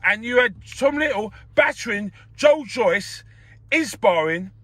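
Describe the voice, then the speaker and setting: A man's voice: high-pitched, a little slow, dry recording. A man hosting a casual boxing chat, blunt and repetitive, swearing freely. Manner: animated, blunt, swears freely, repeats himself. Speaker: host.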